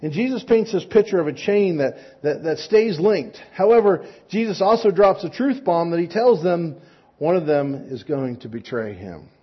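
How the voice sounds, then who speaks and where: A male preacher with a slightly high, husky voice talks through his sermon in a relaxed, relatable way, often tossing in quick asides to the congregation. The recording sounds dull and lo-fi. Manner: conversational, relatable, with frequent "right?" asides. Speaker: pastor.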